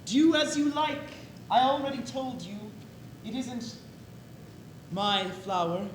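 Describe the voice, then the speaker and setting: An actor playing a lonely man who watches flowers to meet people, talking in a slow, wistful way. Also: very high-pitched, lively intonation, full character voice. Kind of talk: stage play. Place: echoey theater stage. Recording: echoey stage recording with faint noise.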